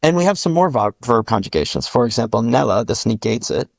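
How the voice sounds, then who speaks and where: Male linguist guest, gravelly voice, dry close sound, walks through sounds one by one with examples. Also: mid-range voice, lively intonation, a little fast, no echo. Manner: methodical, spells out sounds with examples. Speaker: linguist guest explaining his constructed language. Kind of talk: patient step-by-step explanation.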